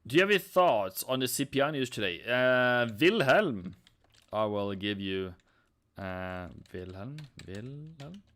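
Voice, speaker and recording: A man's voice: mid-range voice, lively intonation, a little slow, fairly bright tone. A man whose first language is Norwegian, chatting casually on a live trading stream and answering viewers' questions. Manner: chatty, reads chat aloud, sings snatches.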